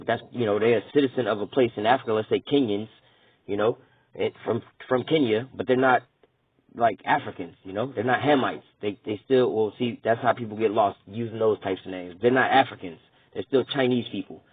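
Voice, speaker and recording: A man's voice: medium pitch, husky, dry recording. Profane, rambling man preaching over a tinny line. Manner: blunt, profane, rambling, asks "all right?" often. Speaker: preacher teaching scripture. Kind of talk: casual street-style Bible teaching. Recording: tinny phone-like recording.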